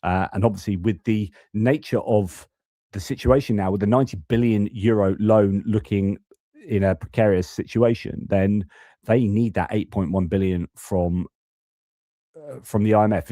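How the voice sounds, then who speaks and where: Mellow, low-voiced man hosting live news. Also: dry recording, studio quality. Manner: casual, thinking aloud over footage. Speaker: host. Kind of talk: live-stream news commentary.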